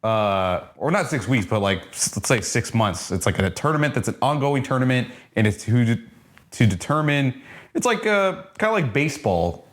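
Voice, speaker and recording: A man co-hosting a casual wrestling review, talking in a laid-back, swearing way as he pitches ideas. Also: big pitch swings, normal speed. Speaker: podcast co-host.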